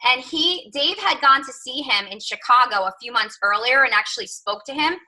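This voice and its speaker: Woman, thirties, chatty storyteller, bright tone, slightly high pitch. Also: animated, a little fast, poor audio. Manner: chatty, lots of "like" and "right?". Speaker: fitness coach. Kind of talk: storytelling on a team call.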